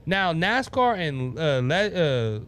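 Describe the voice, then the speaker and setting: A man's voice: fairly high pitch, sing-song, takes it slowly, a bit bright. A man from Louisiana with a Cajun accent hosting a casual political talk show, rambling and restarting his sentences as he talks. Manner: rambling, stumbles over words and restarts, laughs at himself. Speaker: podcast host.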